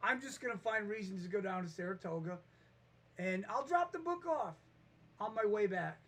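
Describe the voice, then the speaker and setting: A man with a fairly high voice talks off the cuff in a vlog. He rambles, trips over his starts and throws himself into acting out every back-and-forth. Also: moderate pace. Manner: rambling, animated, restarts and acts out quotes. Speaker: vlogger. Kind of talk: casual storytelling monologue.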